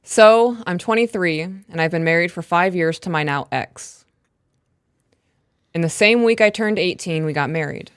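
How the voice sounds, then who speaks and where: Young woman co-host, low-pitched, dry close sound, chatty and self-conscious. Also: normal speed, clean tone, no echo. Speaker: podcast co-host. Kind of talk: casual live-stream chat and email reading.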